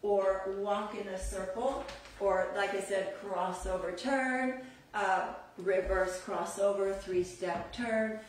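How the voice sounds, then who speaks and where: A woman's voice: mid-range voice, fairly even intonation, takes it slowly, slight background noise. Chatty lady teaching belly dance, laughs a lot, sounds far off in a big echoey studio. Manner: upbeat, chatty, laughs often. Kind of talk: live online dance class.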